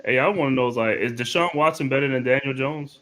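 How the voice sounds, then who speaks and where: A man hosting a casual sports podcast, laid-back and quick to laugh. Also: mid-range voice, sharp tone.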